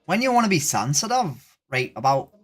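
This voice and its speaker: A woman's voice: low-pitched, very animated, moderate pace, husky. A woman streamer, debating strangers on a video chat in a casual, probing way. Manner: argumentative, probing questions, says "right?" a lot.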